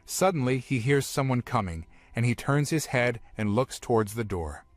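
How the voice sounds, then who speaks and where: A man's voice: mid-range voice, expressive, normal speed, no echo, faint music behind. Man narrating a story recap, dry sound. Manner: strings events together with "and then he says".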